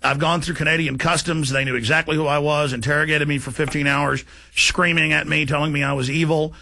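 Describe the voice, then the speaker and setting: A male talk radio host with a bright, forceful voice. He speaks fast and emphatically, with constant indignation. His pitch sits a little above the usual for a man. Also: steady tone, vocal fry.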